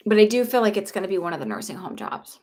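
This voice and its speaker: A woman's voice: medium pitch, very animated, fast talker, darkish tone. A young woman giving live psychic readings in a chatty, reassuring way, full of filler words. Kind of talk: casual livestream reading.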